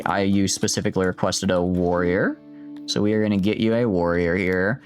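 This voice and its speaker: Low-voiced man rambling over game music. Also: fairly even intonation, normal speed. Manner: rambling, jokey, talks to chat. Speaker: streamer. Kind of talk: casual gameplay commentary.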